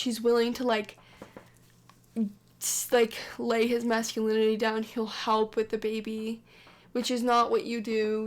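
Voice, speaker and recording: A young woman talks through her game in a loose, rambling way, dotted with fillers. Her voice sits a touch high and crackles with vocal fry. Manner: chatty and rambling, full of "like" and "um". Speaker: let's play narrator. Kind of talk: casual gameplay commentary.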